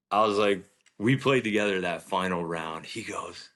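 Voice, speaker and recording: A man from New Jersey, a golf professional, telling an animated anecdote in an interview and acting out the dialogue. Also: lowish voice, normal speed. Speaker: golf professional, podcast guest. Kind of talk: storytelling interview.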